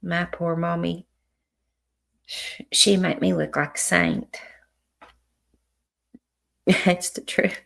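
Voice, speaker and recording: Slow, gravelly woman chatting. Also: medium pitch, steady tone. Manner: frank, cusses freely, halting restarts. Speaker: livestream host. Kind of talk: casual livestream chat with viewers.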